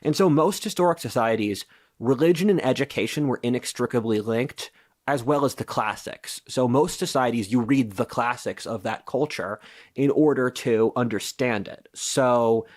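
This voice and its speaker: A man's voice: mid-range voice, moderate pace, a little mellow. Man lecturing assertively as a podcast guest. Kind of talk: casual interview talk.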